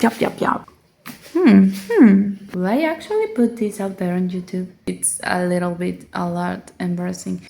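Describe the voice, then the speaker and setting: Slow, gravelly Mexican-accented young woman. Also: medium pitch, a little mellow. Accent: Mexican Spanish. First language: Spanish. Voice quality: voice sounds close to crying. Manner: rambling, self-conscious, giggly asides. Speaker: vlogger. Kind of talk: casual chat to camera.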